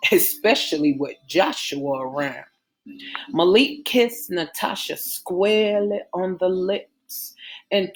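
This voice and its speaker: A woman narrating a romance novel aloud in a measured, unhurried reading style. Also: fairly low pitch. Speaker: audiobook narrator.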